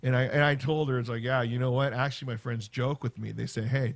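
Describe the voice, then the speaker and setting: A middle-aged man, a teacher, chatting casually on a livestream in a rambling way, with lots of fillers and animated storytelling. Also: mid-range voice, moderate pace, creaky, few pauses. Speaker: teacher and vlogger.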